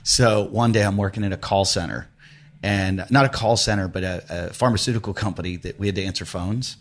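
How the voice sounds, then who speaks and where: Brief: lower-pitched male podcast host, chatty and animated, laughs through his stories. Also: brisk. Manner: animated storyteller, laughs often, slips into quoted voices. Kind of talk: casual storytelling and ad read.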